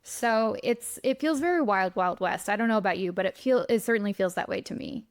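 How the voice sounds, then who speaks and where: A woman's voice: medium pitch, a little fast, clean tone. A woman guest in an interview, a writer and strategist explaining her views and thinking aloud. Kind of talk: interview answers.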